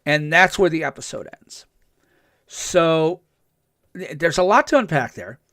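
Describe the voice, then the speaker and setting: A man hosting a podcast, recapping a TV episode in a casual, excited way, full of ums and restarts and acting out the characters' lines. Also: a little high, a little slow, no echo, clean studio sound. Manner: chatty, with frequent ums and restarts. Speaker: podcast host.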